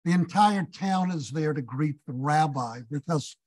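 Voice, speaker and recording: A man giving a lecture as a visiting scholar, telling stories and leading an audience discussion with thoughtful pauses. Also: a little high, darkish tone, rough recording. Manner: storytelling, thoughtful, hesitant fillers. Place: synagogue hall.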